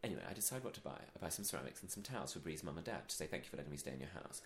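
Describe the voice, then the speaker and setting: A man co-hosting a podcast, telling a story in casual chat with animated delivery and frequent laughter. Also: extremely low pitch, rapid-fire. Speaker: podcast co-host. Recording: echoey room.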